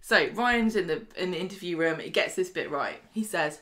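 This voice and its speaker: A woman's voice: on the low side, lively intonation, fairly bright tone. Giggly woman recapping a soap. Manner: laughs often, retells scenes with quick acted-out quotes. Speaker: podcast co-host. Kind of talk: casual chat recapping a soap episode.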